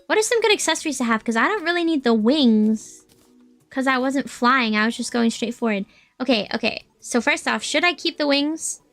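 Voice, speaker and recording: High-pitched woman streamer goofing around with chat, swears a lot, dry close mic, faint game music behind. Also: animated, normal speed, fairly bright tone, no echo. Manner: playful, swears, reads and answers chat. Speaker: VTuber streamer. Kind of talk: casual gaming livestream chat.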